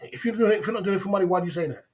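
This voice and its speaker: A man's voice: high-pitched, racing, darkish tone. A man hosting a livestream, taunting and challenging his chat in a repetitive, mocking way with frequent laughs. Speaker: livestream host.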